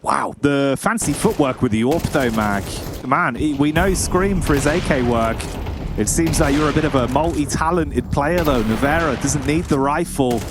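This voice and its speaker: A man's voice: a little high, normal speed, noisy background. A man doing laid-back colour commentary on an esports match, full of joking banter. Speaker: esports caster.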